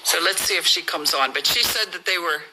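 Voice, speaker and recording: A middle-aged woman hosting a live stream on her phone, telling stories in a chatty, animated way and laughing often. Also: lowish voice, a little fast, background noise. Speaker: livestream host. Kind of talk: casual storytelling on a live stream.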